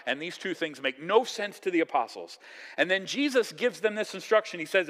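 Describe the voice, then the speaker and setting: A man preaching a sermon in a conversational, animated way, acting out quoted voices. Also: a little high, brisk, long reverb tail. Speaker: pastor.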